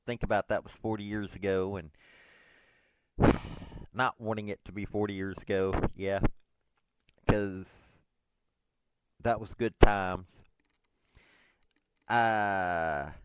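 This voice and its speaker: Man, 40s, podcast host; low, smooth voice, unhurried, self-deprecating rambling. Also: fairly even intonation, dry recording. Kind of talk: casual rambling monologue.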